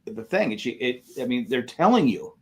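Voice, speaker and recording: Halting man in casual chat. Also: mid-range voice, big pitch swings, darkish tone. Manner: halting, many restarts and fillers. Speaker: podcast co-host.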